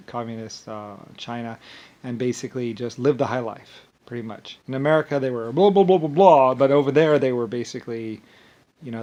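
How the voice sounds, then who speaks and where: Guy ranting on and on, swears a lot, keeps restarting, gets loud and angry. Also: mid-range voice. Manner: rambling, profane, repetitive, with frequent restarts and loud angry outbursts. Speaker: video monologue speaker. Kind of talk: rambling monologue.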